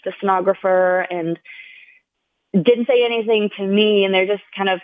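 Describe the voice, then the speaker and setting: A woman's voice: medium pitch, steady tone, normal speed, no echo. A woman guest telling a personal story in a conversational interview. She speaks earnestly and from the heart, with frequent "like"s, and acts out the people she quotes in raised voices. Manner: earnest, heartfelt retelling, heavy use of "like". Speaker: podcast guest. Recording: tinny phone-like sound, dry.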